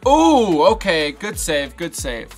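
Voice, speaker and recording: A man's voice: a little high, very animated, takes it slowly, faint music behind. A young man giving frustrated live commentary while playing a football video game, ranting and swearing at the game. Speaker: gaming YouTuber.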